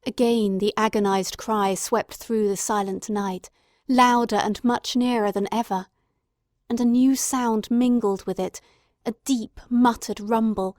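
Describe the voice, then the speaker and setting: A woman narrates a classic novel aloud at a measured, dramatic pace. Her voice sits fairly high, and the recording is close and dry. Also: darkish tone, dry recording. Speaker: audiobook narrator. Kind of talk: scripted narration.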